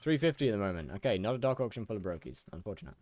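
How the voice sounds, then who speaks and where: Racing along in a fairly low, slightly mellow voice, a young British gamer chats with his live-stream audience in a very animated way. He frequently stammers and says words twice, and there's no room sound.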